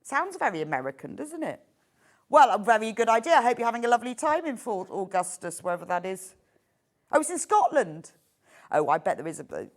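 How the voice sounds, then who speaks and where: A middle-aged woman presenting a live sewing shopping show, chatty and enthusiastic. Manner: chatty, enthusiastic, lively pitch swings.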